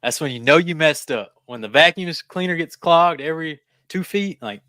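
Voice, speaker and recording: A man co-hosting a podcast, talking casually about his detailing work in a relaxed, rambling way. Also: fairly high pitch, moderate pace, dry recording, clean studio sound. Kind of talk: casual chat.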